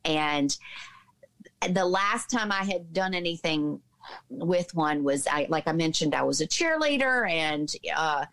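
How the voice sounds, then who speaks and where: A woman in her fifties from the Southern United States, a podcast guest telling personal stories in a lively way, with many fillers. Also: deep voice, a little slow, rough recording. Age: 50s. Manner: lively storyteller, mimics voices in quotes, many fillers. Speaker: podcast guest, author and healer. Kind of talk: personal storytelling in a conversation.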